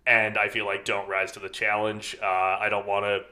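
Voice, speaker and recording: Low-voiced man giving a thoughtful podcast take. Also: completely flat delivery, normal speed, bright, forceful tone. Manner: thoughtful, many filler words and hedges. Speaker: film podcast co-host. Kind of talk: casual podcast chat.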